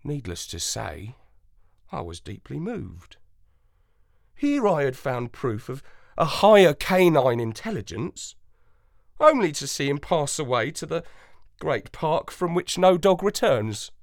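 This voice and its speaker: A storyteller reading a playful storybook in the first person, in an expressive, unhurried manner. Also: medium pitch, creaky, dry recording, clean studio sound. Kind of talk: storybook narration.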